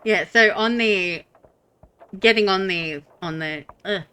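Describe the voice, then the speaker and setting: A young woman reads a game aloud on stream with a bright, forward voice. She chats with viewers between the lines in a loose, self-deprecating ramble. Her tone stays easy and conversational. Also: medium pitch, slow, clean tone.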